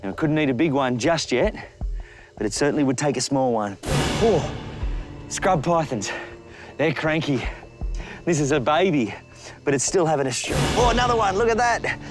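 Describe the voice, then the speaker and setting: A middle-aged Australian man presenting wildlife on location outdoors, chatty and lively, often talking straight to the animal. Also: a little high, normal speed, pauses often, over music. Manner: lively, chatty, talks directly to the snake. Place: outdoors in the bush and by a road.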